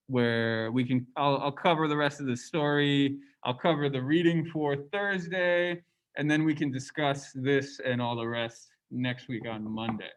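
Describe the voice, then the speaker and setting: A man with a fairly high voice lectures a university class in a relaxed, conversational way. He keeps checking in with rhetorical questions as he goes.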